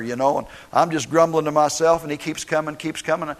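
A middle-aged man preaching a sermon, telling personal stories in an animated way and acting out the quotes. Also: a little high, a little fast, hardly any pauses. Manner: animated storytelling, acts out quotes. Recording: long hall reverb.

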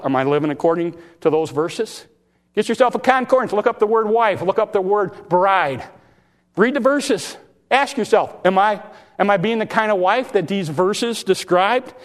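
A man's voice: expressive, moderate pace. A man preaching a sermon, folksy and impassioned, acting out Bible stories in plain talk. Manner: impassioned, pitch rising when exhorting; acts out Bible dialogue in folksy speech.

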